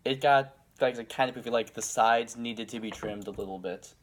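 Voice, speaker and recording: A man's voice: medium pitch, normal speed, slight background noise. A young man from Pittsburgh with a Pittsburgh accent, chatting casually as a podcast co-host in a rambling, hesitant way. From Pittsburgh, Pennsylvania. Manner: rambling, hesitant, with many fillers. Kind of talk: casual chat.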